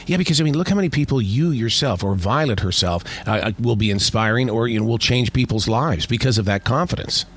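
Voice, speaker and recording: A man's voice: mid-range voice, animated, a little fast, few pauses. A man in his fifties, a radio host asking long, rambling questions full of restarts. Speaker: radio interviewer. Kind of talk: podcast interview.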